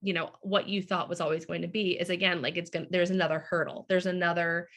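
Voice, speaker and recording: Woman, podcast guest, candid storytelling, filler words, lowish pitch. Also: level tone, fast, a bit bright. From United States. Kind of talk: emotional personal storytelling.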